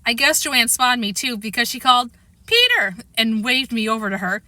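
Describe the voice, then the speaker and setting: A woman reading a children's chapter book aloud, expressive and animated. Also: fairly high pitch, brisk, no room sound. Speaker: reader. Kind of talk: storybook reading.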